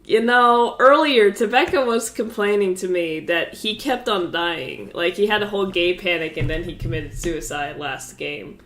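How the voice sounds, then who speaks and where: A woman's voice: on the low side, moderate pace, few pauses, a bit bright. A congested woman streaming, reading out game events with amused, offhand asides and frequent laughter.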